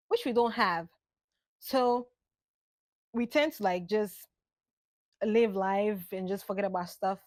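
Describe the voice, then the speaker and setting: A woman, musing aloud in an unhurried reflective monologue. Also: medium pitch, dry recording. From Ghana. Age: late 20s. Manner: musing, unhurried, drifts between thoughts. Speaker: vlogger.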